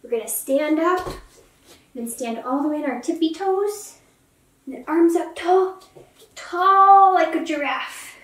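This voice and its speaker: A young woman leads children through yoga poses in a high, gentle voice, taking her time and cheering them on. She sounds a little distant from the mic, in a room with a noticeable echo. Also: unhurried. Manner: gentle, encouraging, playful with animal sounds. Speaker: yoga instructor. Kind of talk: kids yoga class instruction.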